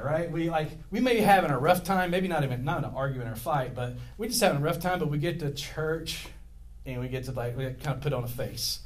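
Speaking fairly quickly in a medium-pitched voice, a middle-aged pastor delivers a sermon to the congregation at his church. He wanders into tangents and pokes fun at himself along the way.

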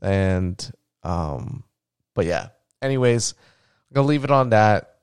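A man's voice: lowish voice, lively intonation, takes it slowly, smooth, no room sound, studio quality. A man hosting a casual solo podcast, rambling and heartfelt, with many fillers, and tender and emotional when he talks about his child. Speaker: podcast host.

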